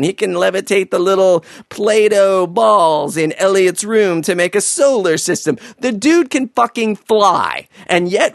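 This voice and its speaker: A man's voice: high-pitched, gravelly, no room sound, clean studio sound. A man doing a sarcastic, exasperated comedic recap of a film, swearing freely.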